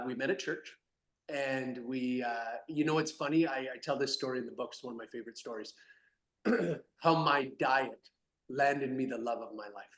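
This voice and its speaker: A man talking as a guest in an interview, animated and emphatic, swinging between loud bursts and soft asides. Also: medium pitch, reverberant. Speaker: podcast guest, company founder. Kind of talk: energetic interview talk.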